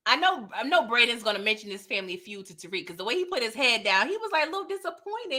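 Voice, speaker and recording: Her voice is a little high, pushed and bright, with big pitch swings, and she talks fast with few pauses. Hosting a casual TV recap, the woman chats playfully with live viewers and acts out what the characters say.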